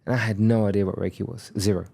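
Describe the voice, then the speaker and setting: A man's voice: on the low side, flat delivery, fast, creaky, dark tone, slightly rough. A man in his thirties, a podcast guest, telling a candid, reflective personal story and acting out the dialogue he quotes.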